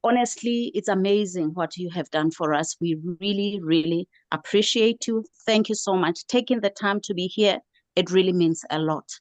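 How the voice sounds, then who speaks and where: A woman's voice: on the low side, normal speed, dry recording. An older woman at an online book club, effusive and thankful, repeating her thanks.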